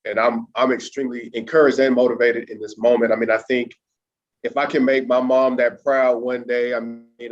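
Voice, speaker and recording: A man's voice: mid-range voice, dull audio. A man hosting an interview, enthusiastic and encouraging toward his guest. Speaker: interview host. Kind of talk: conversational interview.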